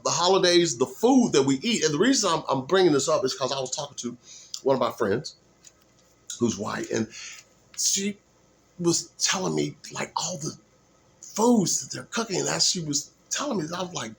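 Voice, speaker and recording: A man's voice: fairly high pitch, normal speed, vocal fry. A man talking casually to his camera in a loose, rambling way while he practices comedy voices. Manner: rambling, loose, lively delivery. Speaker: aspiring comedian and musician. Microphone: camera mic.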